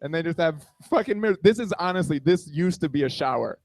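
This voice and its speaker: A man's voice: fairly high pitch, animated, fast talker, darkish tone. Young man doing a self-deprecating stand-up set. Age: 20s.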